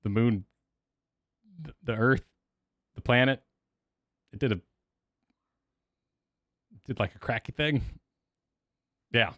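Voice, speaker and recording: A man's voice: mid-range voice, slow pace, pauses often, no echo, clean studio sound. A young man chatting casually as he reacts on stream, talking in rambling bursts with lots of restarts. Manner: rambling, animated, full of restarts and filler. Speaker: streamer reacting to event videos.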